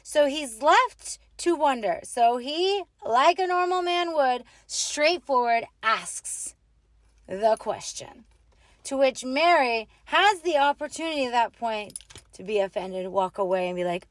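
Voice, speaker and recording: A married woman hosting a casual advice talk, opinionated and animated, acting out little quoted exchanges. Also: high-pitched, moderate pace, dry recording. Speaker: host.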